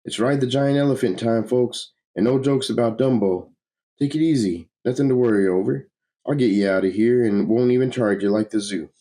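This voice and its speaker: A man's voice: mid-range voice, brisk, warm tone, voice pushed up, close to an everyday voice. A man voicing a brash, folksy male comic-book hero who cracks jokes while he works. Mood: joking. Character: brash wisecracking male hero made of elements.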